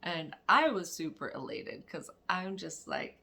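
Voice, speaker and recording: Mom telling a story on her vlog, low gravelly voice, acts out all the quotes. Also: slow pace, long pauses. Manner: animated, acts out quotes, laughs often. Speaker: mother of daughters. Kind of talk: casual spiritual storytelling vlog.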